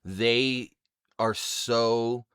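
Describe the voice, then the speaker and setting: A man's voice: medium pitch, steady tone, drawn-out words, a bit bright, smooth, dry recording, clean studio sound. A man hosting a podcast in casual chat, telling stories in a laid-back way and acting out the dialogue. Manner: laid-back storyteller who acts out dialogue. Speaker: podcast host.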